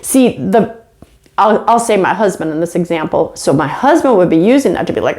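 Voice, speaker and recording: A middle-aged woman and college instructor giving a conversational lecture video, animated and chatty with self-mocking asides. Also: lowish voice, fairly quick.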